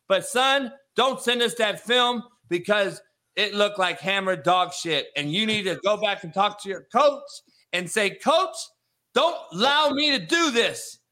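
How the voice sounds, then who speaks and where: A man with a very high, bright voice tears into a recruit's football highlight film. He swears constantly and rants loudly in exasperation. His laughter keeps breaking through. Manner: loud, exasperated ranting with bursts of laughter; heavy swearing. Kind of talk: profane casual commentary on recruit film.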